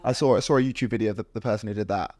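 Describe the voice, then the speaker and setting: Relaxed man hosting a podcast. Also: on the low side, rapid-fire. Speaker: podcast host. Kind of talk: casual interview chat.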